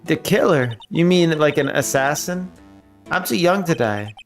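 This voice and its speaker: A man voicing a young spirit-medium girl who is jumpy and pleading, in a high voice. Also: sing-song, measured pace, gravelly, soft background music. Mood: scared. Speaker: game streamer.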